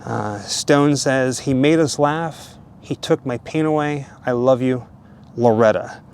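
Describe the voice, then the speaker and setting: A man hosting a vlog, narrating casually at a cemetery in a relaxed, chatty way. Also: mid-range voice, slow, a little hiss or hum. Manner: relaxed, chatty, chuckling asides. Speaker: vlogger, host. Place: outdoor cemetery.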